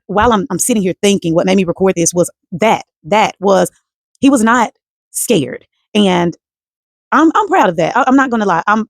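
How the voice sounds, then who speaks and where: A woman in her thirties with a Southern American accent talks fast and chattily, calling her viewers y'all as she reflects on family life. Her voice has a gravelly, creaky texture. The recording is dry and close, with no room sound. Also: mid-range voice, no room sound. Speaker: vlogger, homeschool mom. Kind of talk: casual vlog monologue.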